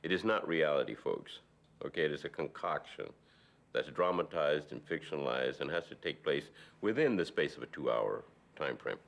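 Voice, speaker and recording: Very deep gravelly man, emphatic. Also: animated, moderate pace. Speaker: interviewee, commentator. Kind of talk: documentary interview.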